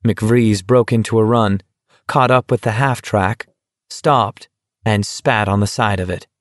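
A man narrating an audiobook with a steady, measured reading. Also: on the low side, no room sound, clean studio sound. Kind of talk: scripted narration.

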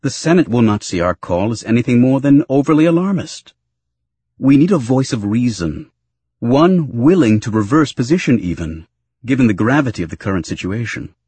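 A man's voice: medium pitch, sing-song, moderate pace, warm tone, breathy edge, no echo. A man as an urgent earnest senator. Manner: urgent, reasoned pleading.

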